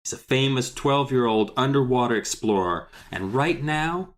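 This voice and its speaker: A man co-hosting a casual book podcast, joking and animated as he retells a plot. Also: medium pitch, moderate pace, few pauses. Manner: joking, animated, slips into silly put-on voices. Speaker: podcast co-host.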